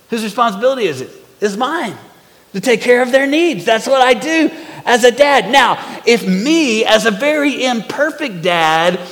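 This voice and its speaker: Male pastor, forties, high gravelly voice, animated sermon, long hall reverb. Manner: animated preaching, swings from loud to hushed. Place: church sanctuary.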